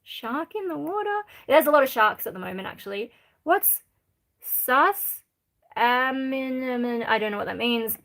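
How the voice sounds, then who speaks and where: A streamer in her thirties with an Australian accent chats casually on a livestream, reading out and answering viewers' questions with plenty of ums and other fillers. Her voice is high-pitched, animated, gravelly and fairly bright, at a measured pace.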